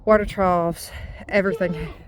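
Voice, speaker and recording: A mother with a lowish, fairly even voice talks casually in a rambling vlog, chatty and full of drawn-out fillers.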